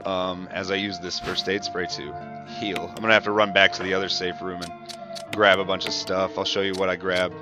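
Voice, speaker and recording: Male gameplay commentator, casual and self-deprecating, lower pitch, music bed under the voice. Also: little pitch movement, fairly quick. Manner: chatty, self-mocking, swears when startled. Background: game music.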